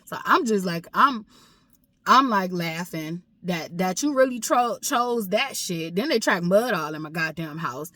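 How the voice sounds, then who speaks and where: A woman's voice: fairly low pitch, lively intonation, a little slow, bright, forceful tone, dry recording, clean studio sound. A woman vlogging a personal story with raw emotion, swearing often and repeating herself for emphasis. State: emotional, grieving.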